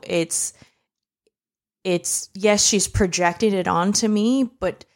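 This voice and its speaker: A young woman co-hosting a podcast, telling a personal story in a candid, emotional, conversational way. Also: mid-range voice. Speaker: podcast co-host. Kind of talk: casual chat.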